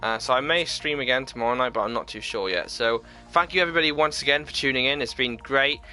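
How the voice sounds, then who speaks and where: Chatty man, bright voice. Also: mid-range voice, quick pace, soft background music. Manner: chatty, reads viewer comments aloud and answers them. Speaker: gaming streamer. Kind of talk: casual live-stream chat.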